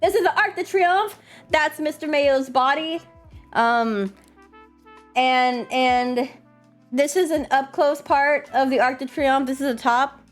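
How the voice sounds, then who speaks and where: A woman streamer chatting casually and fast, swearing a lot and answering her chat. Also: sits high, soft background music.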